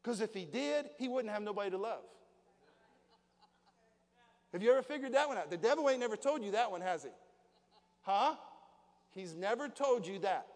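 A man's voice: high-pitched, animated, moderate pace, long pauses. A middle-aged pastor preaching to his congregation in a folksy way, asking them questions as he goes. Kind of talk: sermon. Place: church hall. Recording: long hall reverb.

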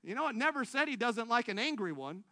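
A man preaching a testimony sermon to a congregation, telling his story with laughs and self-mockery, swinging between loud excited bursts and quiet low asides. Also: fast talker, no room sound. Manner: animated, self-mocking, laughing through the story.

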